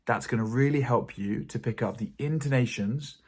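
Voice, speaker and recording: Husky British RP male English teacher. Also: mid-range voice, moderate pace. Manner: calm, encouraging explanation to learners. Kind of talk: pronunciation lesson.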